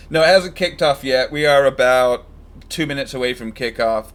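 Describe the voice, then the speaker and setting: A man's voice: medium pitch, fairly even intonation, normal speed, fairly bright tone. A man chatting casually and joking while commenting live on a football match he is watching for his stream. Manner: chatty, joking, fan-biased predictions.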